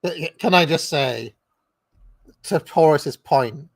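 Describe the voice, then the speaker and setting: Man, higher register, eager questioner in a casual review chat, dry mic. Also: slow, vocal fry, no room sound, soft background music. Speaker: co-host reviewing a documentary. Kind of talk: casual online discussion. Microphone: remote call setup.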